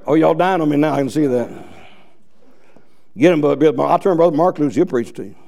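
A man's voice: on the high side, lively intonation, a little fast, creaky, darkish tone. A man preaching a fiery, folksy sermon with bursts of emphasis.

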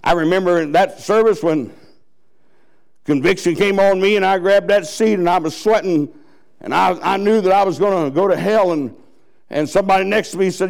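Preacher guy in church, slightly high voice, big loud swings then real quiet. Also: moderate pace, creaky. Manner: dramatic storytelling with loud high bursts and hushed drops. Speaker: pastor. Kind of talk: sermon.

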